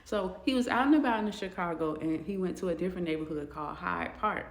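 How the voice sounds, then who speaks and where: Animated woman telling a story, roomy echo. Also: fairly low pitch, fast. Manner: animated, expressive retelling with asides. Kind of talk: casual storytime.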